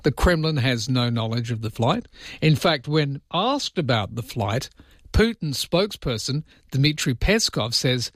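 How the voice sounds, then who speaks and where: A man hosting overnight talk radio, chatting casually and breaking into jokey, self-mocking asides. His voice sits in a middle pitch. It is recorded close and dry on a studio microphone. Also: lively intonation, measured pace, no room sound.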